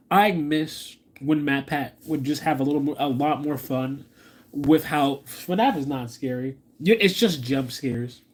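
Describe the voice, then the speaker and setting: Husky, excitable male streamer. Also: on the high side, measured pace. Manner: rambling, excitable, restarts often. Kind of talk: live stream reaction commentary.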